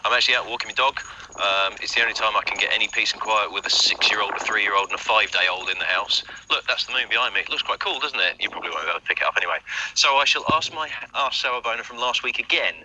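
A man's voice: fairly low pitch, quick pace, pushed and bright, a little hiss or hum, low-quality recording. A British man in his thirties with a cold, chatting casually and swearing playfully in a video message. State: has a cold. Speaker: listener sending a video question. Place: outdoors at night, walking a dog.

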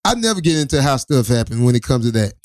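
A man's voice: mid-range voice, sing-song, quick pace, no echo, clean studio sound. A man co-hosting a talk show, telling a rambling, profane story with many restarts. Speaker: co-host. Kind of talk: casual storytelling chat.

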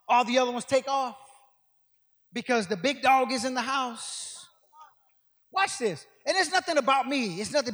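High bright-voiced older preacher in a reverberant hall. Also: male voice, breathy edge. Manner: rambling storytelling, rising to shouted preaching. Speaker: guest preacher. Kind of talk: sermon.

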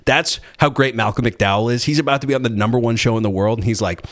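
A man's voice: fairly low pitch, fast talker, hardly any pauses. A man hosting a casual chat, retelling a story in a rambling, sarcastic, profane way.

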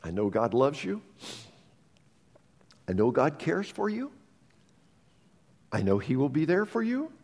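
A man's voice: a little high, sing-song, measured pace, pauses often, darkish tone, breathy edge. A man preaching a sermon as pastor, telling stories earnestly and often restarting his sentences. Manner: earnest storytelling with frequent restarts. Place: church sanctuary. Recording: long reverb of a church hall.

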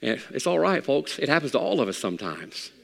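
A middle-aged man preaching a sermon as pastor, animated and rising to near shouts. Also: medium pitch, brisk, creaky, long reverb tail. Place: church sanctuary.

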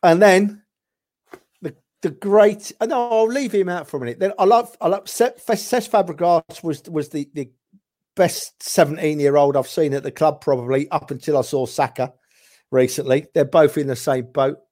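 A man's voice: a little high, moderate pace, dark tone. A man in casual chat, reminiscing about favourite players, rambling with chuckles and restarts. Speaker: podcast guest, football fan.

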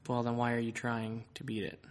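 A man's voice: mid-range voice, completely flat delivery, a little fast. A man hosting a casual podcast, telling a rambling story with many fillers. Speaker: podcast host.

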